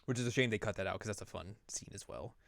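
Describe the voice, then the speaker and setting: A man hosting a podcast chats in a relaxed way, recapping an anime and acting out its scenes. His voice is smooth and clear at a middle pitch, heard dry and close to the mic. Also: fast, no room sound. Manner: chatty, acts out the scenes he recaps. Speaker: podcast host. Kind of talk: casual chat recapping an anime.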